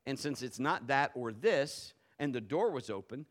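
A middle-aged man preaching a sermon as a pastor, telling a story and swinging from low murmurs to loud outbursts. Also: animated, moderate pace.

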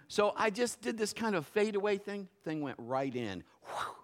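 A middle-aged man preaching a sermon, telling folksy personal stories and swinging from quiet asides to loud, emphatic points. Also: high-pitched, animated, normal speed, hardly any pauses. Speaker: pastor.

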